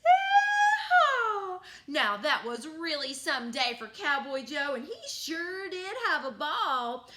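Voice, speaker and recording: Woman, music teacher, kids' story, high bright voice, unhurried, swooping pitch. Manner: animated, leads call-and-response with children. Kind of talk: children's singing story.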